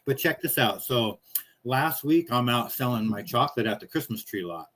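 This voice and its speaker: A man's voice: medium pitch, animated, normal speed, noisy background. A man hosting a casual chat, telling stories in an easygoing, chatty way. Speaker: podcast host.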